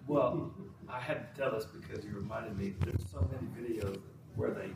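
A soft-spoken man joining a casual chat as a guest. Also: fairly low pitch, moderate pace, echoey room. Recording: noisy background ambience.

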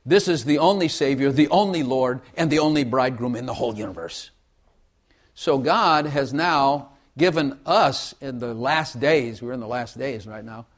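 Male preacher, light-pitched, folksy sermon delivery, calls for amens. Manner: folksy, repeats phrases, asks the congregation for amens.

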